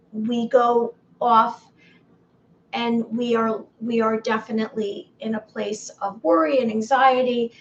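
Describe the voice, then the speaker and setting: A woman with a high voice drifts slowly through a casual spiritual vlog. She wanders off track, corrects herself, and keeps turning to her viewers with questions. The sound is dull and lo-fi. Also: slight background noise. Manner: meandering, self-correcting, asks viewers questions. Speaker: spiritual vlogger.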